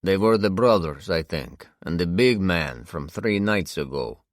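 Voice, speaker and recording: A man voicing a blunt male henchman with a heavy Russian accent, giving curt, flat replies. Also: low-pitched, unhurried, dry recording, clean studio sound.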